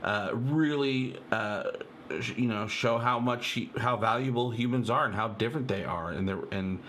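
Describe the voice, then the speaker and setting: A man hosting a casual fan video, talking excitedly and rambling with lots of fillers as he breaks down a trailer for viewers. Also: mid-range voice, normal speed, slight background noise. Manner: excitable, rambling, many fillers, addresses viewers as "you guys". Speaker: channel host.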